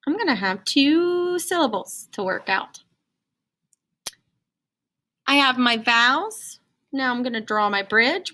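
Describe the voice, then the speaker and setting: A woman teacher giving a playful, animated phonics lesson to young children. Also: high-pitched, takes it slowly, long pauses.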